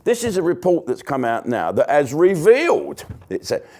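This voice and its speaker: A man's voice: a little high, wildly swooping pitch, normal speed, darkish tone. An older man hosting his own show, ranting in a blunt, sweary, mocking comic monologue full of asides and restarts.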